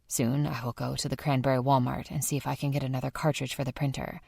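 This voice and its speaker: A woman puts on a reserved adult man with a Serbian accent for an audiobook. He speaks slowly and stiffly, avoiding contractions, in a deep gravelly tone. The recording is dry and close. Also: flat delivery, darkish tone, dry recording, exaggerated voice. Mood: guarded. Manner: slow, clipped, avoids contractions.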